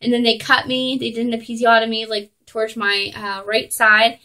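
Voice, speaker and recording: A young woman vlogging at home, telling a personal story in a chatty way, full of "like" and "um" and quick laughs. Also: on the high side, little pitch movement, bright, forceful tone, low-quality recording. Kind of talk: casual storytelling to camera.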